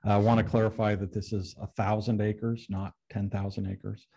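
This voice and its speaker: A man representing an applicant at a council meeting, speaking in a measured, businesslike way. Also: lowish voice, little pitch movement, vocal fry, dark tone, breathy edge, rough recording. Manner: measured, businesslike, with some restarts. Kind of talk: formal testimony at a council meeting.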